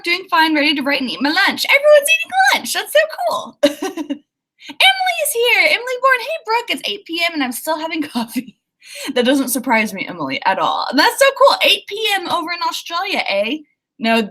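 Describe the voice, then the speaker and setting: Bubbly young oklahoma gal chatting on a livestream, highish voice, bouncy and lively. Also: female voice. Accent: Oklahoma, Southern US. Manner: bubbly, chatty, lots of fillers and laughs. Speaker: livestream host. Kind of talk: casual livestream chat reading comments.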